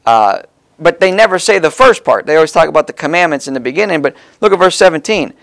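Guy preaching a sermon, easygoing and chatty, kinda higher voice, punches the big words. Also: lively intonation, fast, vocal fry, a bit bright. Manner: folksy and conversational, stressing key words.

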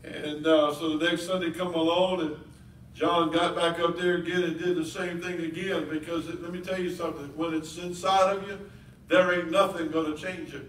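Man, pastor preaching, high bright voice, echoey church heard from a distance. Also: fairly even intonation, normal speed. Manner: building to shouted preaching with dropped-g country grammar. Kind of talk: sermon. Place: church sanctuary.

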